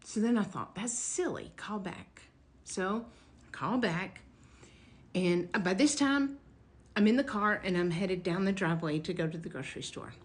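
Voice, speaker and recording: A woman telling a personal story in a casual, animated way, leaping up in pitch when excited and dropping to a hush for tense moments. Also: normal speed. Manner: animated, jumps high and loud when quoting her own excitement; drops to a hush or whisper for dramatic moments.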